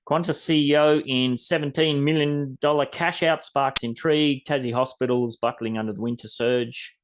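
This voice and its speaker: Chatty Australian man hosting a podcast. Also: medium pitch. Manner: rambling, chatty, mild swearing. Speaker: podcast host. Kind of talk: casual podcast chat.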